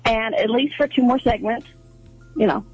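Chatty woman radio co-host, husky voice. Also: a little high, normal speed, lo-fi sound, faint music behind. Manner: chatty, laughs often, many fillers. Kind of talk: casual radio talk. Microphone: studio microphone.

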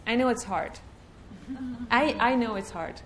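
Woman workshop facilitator, slightly high voice, questioning coaching tone, quiet murmured chants, faint background noise. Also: measured pace. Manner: drops to a quiet low murmur for a repeated clearing chant. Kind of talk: teaching a live workshop.

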